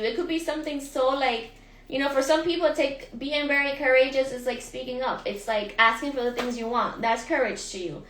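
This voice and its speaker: A woman life and business coach giving a motivational live talk, energetic, repeating questions to her viewers and calling them y'all. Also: on the high side, reverberant, rough recording.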